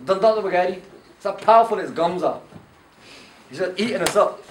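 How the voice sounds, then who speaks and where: Male camp speaker, high voice, animated storyteller, distant mic in an echoey hall. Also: fairly quick. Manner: animated storyteller, quizzes the audience. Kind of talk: lecture to teenagers at a youth camp. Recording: echoey room, far from the mic, faint noise.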